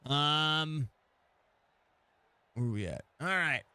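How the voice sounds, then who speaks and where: A man's voice: on the high side, lively intonation, very slow, pushed and bright, clear, resonant tone, no echo. A man hosting post-race interviews in casual talk, laid-back and rambling, laughing often, on a headset mic. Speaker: race broadcast host.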